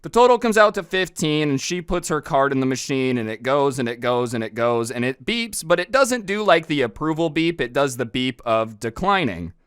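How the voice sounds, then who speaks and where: A man's voice: mid-range voice, sing-song, moderate pace, few pauses, a bit bright, smooth, no room sound, clean studio sound. A man telling a storytime in a casual, exasperated way, with sarcastic asides. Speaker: storytime vlogger. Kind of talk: storytime narration.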